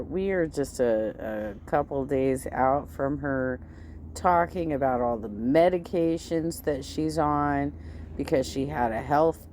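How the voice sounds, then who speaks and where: Woman in her fifties, reaction host, low voice, unhurried, blunt and sarcastic, faint hiss behind. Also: darkish tone. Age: 50s. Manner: blunt, sarcastic, swears freely. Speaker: commentary host. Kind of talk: casual reaction commentary.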